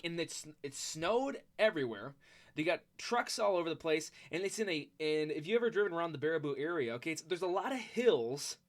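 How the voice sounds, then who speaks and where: A storyteller telling a story in a rambling, swearing way, full of restarts and sudden loud bursts. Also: medium pitch.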